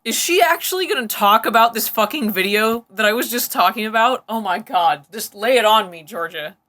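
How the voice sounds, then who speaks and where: A woman's voice: fairly high pitch, lively intonation, a little fast, fairly bright tone. A woman hosting a casual reaction commentary, swearing freely and breaking into incredulous giggles. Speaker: reaction video host.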